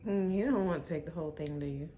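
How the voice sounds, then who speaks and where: A woman's voice: deep voice, fast, warm tone, a little hiss or hum. A young mother filming a casual home vlog, chatting to her toddler in a doting sing-song way and laughing often. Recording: music playing under the voice.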